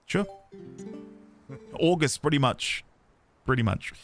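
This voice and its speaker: A man's voice: on the high side, animated, slow, soft background music. A man chatting casually on a live game stream, rambling and self-deprecating.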